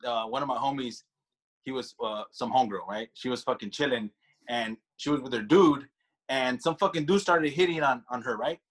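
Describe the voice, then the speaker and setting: A man's voice: medium pitch, moderate pace, husky. A man co-hosting a talk show, talking casually in a profane, rambling way. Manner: profane, rambling, restarts often. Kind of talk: casual chat.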